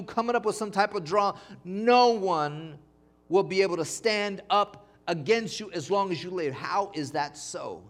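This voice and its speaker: High-voiced man preaching with fervor. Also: big pitch swings, unhurried. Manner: emphatic call-and-response preaching. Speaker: pastor. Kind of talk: sermon.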